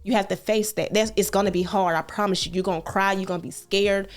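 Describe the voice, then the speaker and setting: A woman talking earnestly on a podcast, repeating phrases and reassuring the listener, with animated storytelling. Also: medium pitch, fast talker. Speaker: podcast co-host. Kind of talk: casual heartfelt podcast chat.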